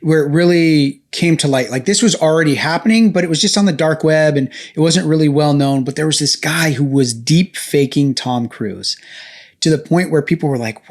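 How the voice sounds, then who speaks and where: A man's voice: a little high, fairly quick. A man co-hosting a podcast, talking in a casual, enthusiastic and chatty way. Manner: enthusiastic, talkative, storytelling. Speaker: podcast co-host.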